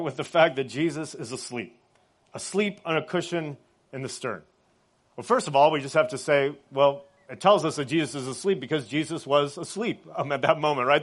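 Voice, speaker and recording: A man preaching a sermon in a conversational way, often checking in with his listeners and dropping soft and quiet on reflective points. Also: on the high side. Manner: conversational, often adds "right?" as a tag. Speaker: pastor.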